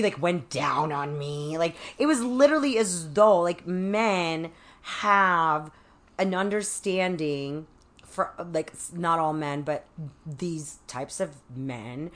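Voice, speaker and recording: Woman, lowish pitch, candid podcast guest, frank, scattered "like"s. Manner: frank, heavy use of "like", acts out quoted voices. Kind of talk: candid interview conversation.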